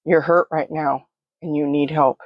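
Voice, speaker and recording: A woman voicing a father who talks to his scared daughter in a gentle, soft, reassuring way. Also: deep voice, fairly even intonation, unhurried, dry recording, lo-fi sound. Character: calm, tender father comforting his daughter.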